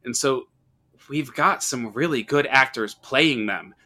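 Podcast host, male, bright lively voice, animated storyteller who acts out quotes. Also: medium pitch, a little slow. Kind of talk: casual horror movie discussion.

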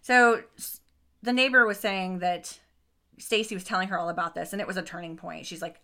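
Female podcast host, crisp-toned, casual true crime storyteller with a blunt, profane streak. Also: on the low side, normal speed. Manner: expressive, swears, frequent asides and restarts.

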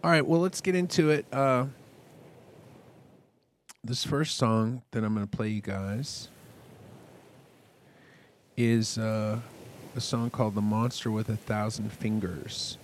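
A man talks through his own podcast in a loose, wandering monologue, poking fun at himself as he goes. His voice sits a little low, but he keeps leaping up loud and bright when he gets excited, then drifting back down. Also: slow pace, long pauses, slight background noise. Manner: rambling, self-mocking humor; sudden bursts of loud, high enthusiasm. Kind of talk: casual monologue.

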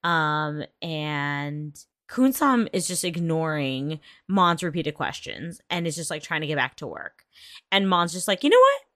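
A woman recapping an episode with a friend in a loose, profane, chatty way. Her voice swings widely in pitch and she laughs often. The sound is close and dry. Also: animated, unhurried, a bit bright, no echo. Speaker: show recap co-host. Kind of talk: casual chat.

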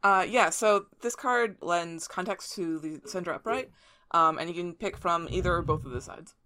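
A woman running a tabletop game over a voice call, calmly explaining the rules step by step. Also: lowish voice, normal speed. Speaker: game facilitator. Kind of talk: casual chat over voice call.

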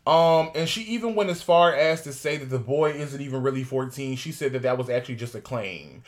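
A man's voice: medium pitch, a little fast. A man co-hosting a gossip podcast, ranting heatedly and swearing constantly in casual chat. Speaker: podcast co-host.

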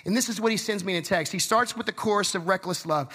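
Man, pastor, sermon, passionate, high voice, bright tone. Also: lively intonation, fast, few pauses, breathy edge. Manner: passionate preaching, acting out the story's voices.

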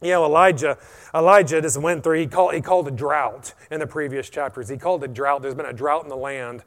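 A man preaching a sermon, animated and punctuated with frequent amens. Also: a little high, quick pace. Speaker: pastor.

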